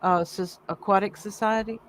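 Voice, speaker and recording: A woman hosting a livestream in casual chat, reading viewer comments aloud in a chatty, warm way. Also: medium pitch, steady tone, moderate pace, poor audio. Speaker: livestream host.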